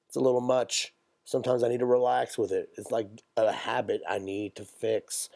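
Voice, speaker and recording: A man's voice: mid-range voice, fairly even intonation, creaky, a little mellow, no room sound, studio quality. Rambling, profane young man. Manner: profane, rambling, jokey, quick bursts. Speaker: podcast co-host. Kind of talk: casual chat, storytelling.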